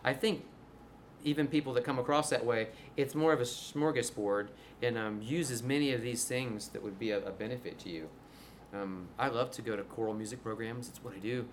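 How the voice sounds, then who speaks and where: A man's voice: medium pitch, fairly quick, slight background noise. Casual man teaching a workshop. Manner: conversational, demonstrates his voice registers. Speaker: music teacher presenting to teachers. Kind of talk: workshop presentation. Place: room before a live audience.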